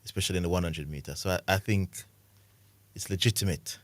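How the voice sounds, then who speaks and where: Man, Jamaican accent, very deep voice, sports radio co-host, laid-back, emphatic, dry sound. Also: a little fast, no room sound. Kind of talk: casual sports chat.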